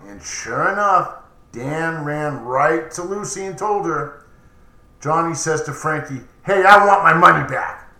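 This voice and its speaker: A man narrating a story in a chatty, casual way as a podcast storyteller. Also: fairly high pitch. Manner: chatty, animated. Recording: roomy echoey recording.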